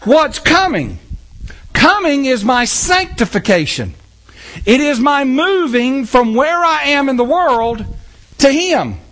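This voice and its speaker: A man's voice: very high-pitched, slow pace. A man preaching a sermon in church, acting out scenes with a volunteer from the congregation. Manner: animated, acts out scenes with a volunteer. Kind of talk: sermon with audience interaction.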